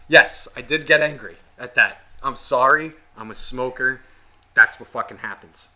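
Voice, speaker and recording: Podcast co-host, man, bright animated delivery, profane and rambling. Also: mid-range voice, moderate pace. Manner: animated, heavy swearing, rambling storytelling. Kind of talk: casual profane chat.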